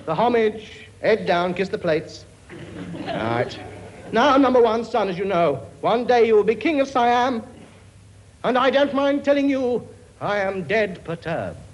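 A man's voice: high-pitched, sing-song, unhurried, muffled recording, a little hiss or hum. A man playing a bossy, boastful comic king in a sitcom, blustering and scolding in a chummy way. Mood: brusque. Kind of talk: sitcom acting before a laughing audience.

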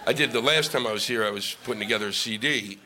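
A man's voice: on the low side, fast, bright, forceful tone. A man doing a live stand-up comedy set, ranting and sarcastic, heavy on profanity. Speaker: stand-up comic. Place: live comedy venue with laughing audience. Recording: live set with audible audience noise.

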